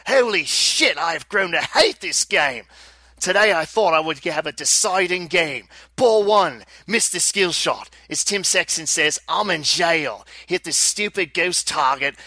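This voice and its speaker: A man's voice: sits high, a little slow, hardly any pauses, sharp tone, no echo, heavily acted. Man doing a ranting Aussie pinball player. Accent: put-on Australian. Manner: exasperated ranting, swearing. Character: ranting Australian male pinball owner. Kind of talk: reading a listener email aloud.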